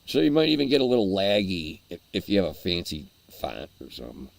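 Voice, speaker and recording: A man's voice: low voice, sing-song, fast, vocal fry, no room sound. A man hosting a casual livestream, rambling and chuckling as he answers his chat while eating. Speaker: livestream host.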